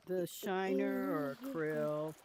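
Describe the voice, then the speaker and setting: A woman's voice: lowish voice, steady tone, drawn-out words, darkish tone, slight background noise. An older woman chatting casually while playing a fishing game, teasing and scolding her friends in jest. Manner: dry teasing, bossy old-lady scolding in jest. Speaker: fellow player. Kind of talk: casual gaming voice chat.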